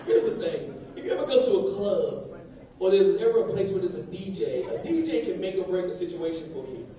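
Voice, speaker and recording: A man's voice: high-pitched, very animated, a little fast, recorded from a distance. A man doing a brash, profane stand-up set on a comedy club stage, baiting the crowd. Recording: echoey live club, mic heard from afar, crowd laughter.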